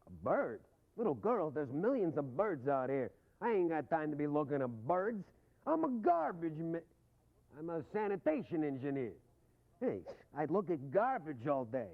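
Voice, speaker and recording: A man acting in a children's TV drama, playing gruff, jokey working-class men around the neighborhood. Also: on the high side, big pitch swings, normal speed. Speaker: actor playing a garbage man and a mailman. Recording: tinny lo-fi old TV audio with music.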